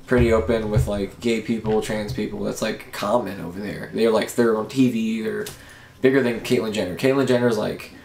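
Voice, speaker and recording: A young man from Japan with a gravelly, fry-heavy voice, trading loose and profane banter as a podcast guest. The room rings back noticeably around him. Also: lowish voice, steady tone, moderate pace, darkish tone, a little hiss or hum. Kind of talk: casual podcast chat. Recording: echoey room.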